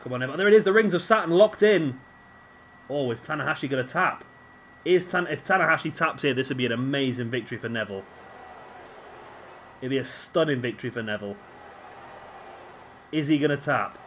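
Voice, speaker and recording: Gaming host, man, excitable wrestling-game commentary, fairly high voice, slight noise under the recording. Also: moderate pace, long pauses. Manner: excitable, cheering the wrestlers on aloud.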